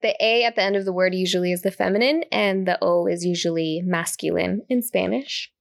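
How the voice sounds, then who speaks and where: A woman's voice: lowish voice, fairly quick, vocal fry, no echo, studio quality. A woman co-hosting a podcast in casual chat, giggly and chatty, laughing often as she talks. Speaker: podcast co-host.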